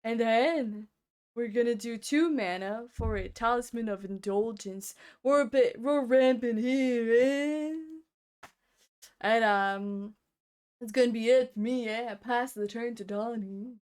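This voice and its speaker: A woman voicing a stoned, lower-pitched goblin who tags a drawled "eh?" onto her lines. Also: measured pace, darkish tone, clear, resonant tone, lightly acted. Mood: drawling.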